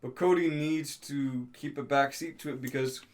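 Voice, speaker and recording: A man's voice: medium pitch, steady tone, normal speed, a little hiss or hum. A man co-hosting a podcast, chatting about wrestling with dry, teasing quips. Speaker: podcast co-host. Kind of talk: casual wrestling chat.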